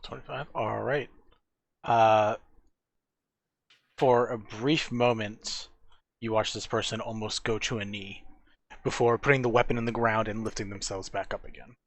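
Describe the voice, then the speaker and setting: Game master running d&d, calm short calls, dry close sound. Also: medium pitch, normal speed, pauses often, no echo. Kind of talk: narrating a tabletop game.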